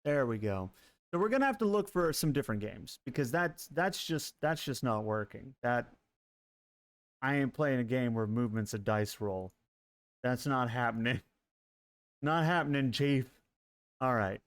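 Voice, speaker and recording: A man streaming live gameplay, chatting casually with his viewers, quick to laugh and curse at what happens on screen. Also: medium pitch, no room sound. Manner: excitable, laughs and swears at the game.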